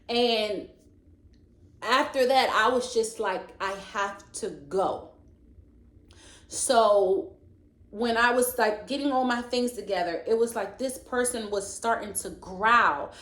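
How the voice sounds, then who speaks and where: A woman's voice: mid-range voice, reverberant. A woman sharing an emotional personal faith testimony, rambling and searching for words, then urging listeners on like a preacher.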